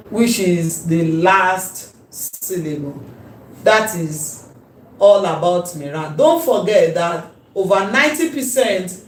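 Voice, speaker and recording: Slow, emphatic woman teaching. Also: fairly low pitch. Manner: repeats key terms slowly and emphatically. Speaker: Hebrew teacher. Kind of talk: classroom lecture. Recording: echoey room with faint ambience.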